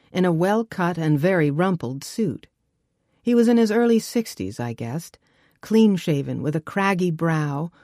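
A woman reading a first-person novel aloud as an audiobook narrator, wry and brisk. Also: on the low side, darkish tone, no echo, clean studio sound.

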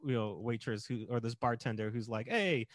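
A man's voice: medium pitch, a little fast, no echo, studio quality. A man co-hosting a podcast, retelling and critiquing a movie in casual chat with frequent laughter. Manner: animated, acts out scenes, laughs often. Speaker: podcast co-host.

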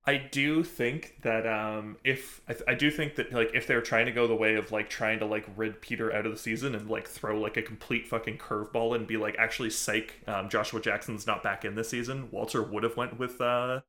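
Podcast co-host, male, bright tone, loose and profane, lots of "like" and "um". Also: fairly low pitch, little pitch movement, a little fast, hardly any pauses. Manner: laughing, swearing, filler-heavy. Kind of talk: casual chat.

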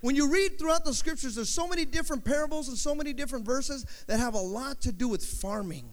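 A man's voice: very high-pitched, fast talker. A male pastor preaching a sermon, with call-and-response and emphatic repetition. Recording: long hall reverb.

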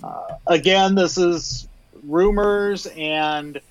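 A man talks through tech rumors in a casual podcast chat, with a voice a little on the higher side. He is measured and thoughtful and often pauses on "uh". The recording is dry and close. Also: no echo, lo-fi sound. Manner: thoughtful, measured, with frequent "uh" fillers. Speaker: podcast co-host.

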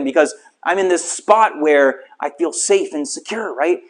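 A middle-aged man preaching a sermon, telling a story with lively, self-mocking humor to a small congregation. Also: high-pitched, normal speed. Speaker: pastor.

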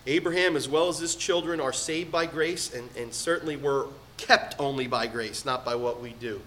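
A middle-aged man preaching a sermon as pastor, swinging between loud emphatic peaks and quiet asides. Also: mid-range voice, moderate pace, a little hiss or hum.

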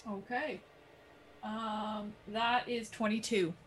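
A woman playing a tabletop game, asking eager, quick questions. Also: medium pitch, fairly even intonation, a little hiss or hum. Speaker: player. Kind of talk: casual tabletop game play.

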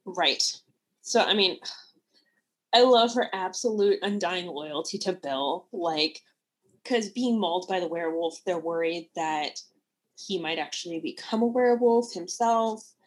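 A woman co-hosting a casual book-talk show, enthusiastic and quick to laugh as she gives her opinions. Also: fairly low pitch, lively intonation. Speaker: podcast co-host.

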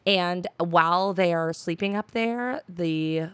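A woman's voice: on the low side, a bit bright, smooth, dry recording. A woman co-hosting a podcast, casually recapping a book chapter and breezily quoting the characters. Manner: breezy, quotes characters in quick put-on voices. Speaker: podcast co-host.

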